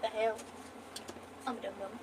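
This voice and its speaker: A woman's voice: mid-range voice, level tone, moderate pace, background noise. A young woman chatting casually as she draws on a livestream, swearing freely. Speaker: art streamer. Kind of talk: casual livestream chat while drawing.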